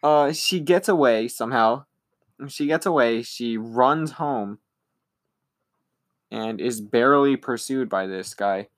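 A man's voice: medium pitch, takes it slowly. A young man in casual conversation, walking through an episode scene by scene. He keeps an easygoing tone and breaks into exaggerated voices to act out what the characters say. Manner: lively retelling, acting out lines in silly voices. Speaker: podcast co-host. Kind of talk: casual recap chat.

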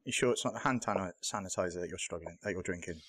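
A man's voice: low voice, fast, a bit bright. A man with a Geordie accent, a podcast co-host chatting and teasing over drinks on a video call. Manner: teasing, joking, playful. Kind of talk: casual chat over drinks.

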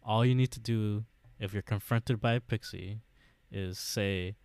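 A man co-hosting a podcast, recapping a TV episode in a casual, halting way with lots of fillers and restarts. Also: fairly low pitch, fairly even intonation, a little mellow, no room sound. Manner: hesitant, many fillers, laughs often. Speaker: podcast co-host.

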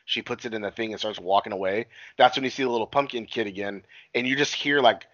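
A man's voice: fairly low pitch, fast talker, a bit bright, no echo, muffled recording. Profane man rambling through a movie recap. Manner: profane, rambling storytelling with acted-out quotes. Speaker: podcast co-host recapping a movie. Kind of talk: casual chat.

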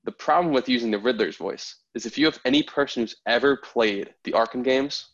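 A man's voice: medium pitch, brisk, fairly bright tone, lo-fi sound. A young man hosting a casual podcast, steering the talk and explaining things at length. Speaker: podcast host. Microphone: video call.

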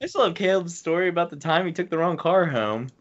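A man with a notably high voice retells a friend's misadventure, chuckling through it. His delivery is loose and casual, and the audio is muffled and lo-fi. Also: expressive, quick pace. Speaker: podcast co-host. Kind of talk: casual storytelling among friends.

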